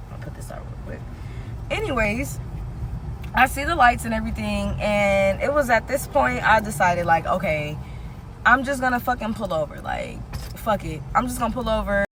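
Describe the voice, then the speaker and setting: A woman telling a story casually to her viewers, animated and full of profanity, often calling out to them as "y'all". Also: medium pitch, slight background noise.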